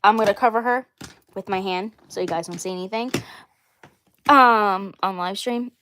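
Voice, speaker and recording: A woman's voice: mid-range voice, moderate pace, pushed and bright, slight background noise. A woman hosting her own live stream in a casual chat, rambling and repeating herself often. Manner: rambling and repetitive. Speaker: channel host.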